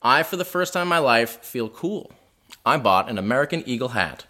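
A man's voice: medium pitch, very animated, fairly quick, sharp tone. A man telling a wry, self-deprecating personal story at a live house show in a living room.

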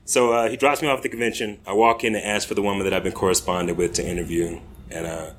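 Rambling American storyteller, low voice. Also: male voice, fairly even intonation, fast, slight background noise. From United States. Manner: casual, rambling, laughs at own story. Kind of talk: live comedic storytelling. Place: comedy club stage.

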